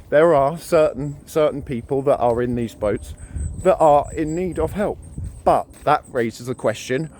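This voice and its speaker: A man's voice: mid-range voice, darkish tone. A British man delivering an emphatic, ranting opinion monologue to camera, often repeating his words for emphasis. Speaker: vlogger.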